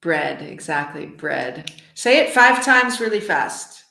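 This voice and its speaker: A woman teaching an English lesson, explaining slowly and clearly with a playful touch. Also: low voice, very animated, pushed and bright, roomy sound. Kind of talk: online class teaching.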